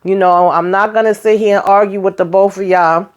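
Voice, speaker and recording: A woman with a mid-range, clear and resonant voice hosts her own recap channel, speaking in a steady tone. Her chat is casual and folksy, addressing listeners as child and honey. She performs the characters' lines in quick voices.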